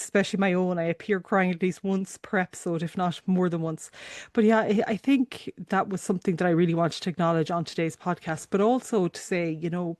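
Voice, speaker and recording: A middle-aged woman, hosting a podcast and telling a personal story in a halting, emotional way, often tearful. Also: on the low side, a little mellow, dry recording, studio quality. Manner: emotional, halting, with many restarts. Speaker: podcast host.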